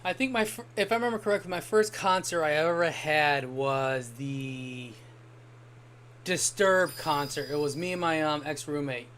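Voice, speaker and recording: A man streaming a game and telling a rambling story in casual chat, swearing freely and getting animated when he quotes people. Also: on the high side, moderate pace, slight background noise. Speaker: gaming streamer. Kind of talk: casual storytelling while gaming.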